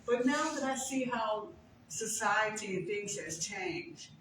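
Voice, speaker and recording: A woman's voice: medium pitch, expressive, slow pace, fairly bright tone, a little hiss or hum. An older woman giving a conversational personal testimony as a guest speaker, telling stories with emphasis. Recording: very echoey room, far from mic.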